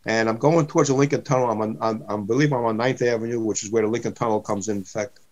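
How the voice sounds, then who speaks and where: A man's voice: on the low side, steady tone, quick pace, lo-fi sound. A man, a comedian guest telling rambling anecdotes in casual chat. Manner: rambling anecdotes, repeats himself.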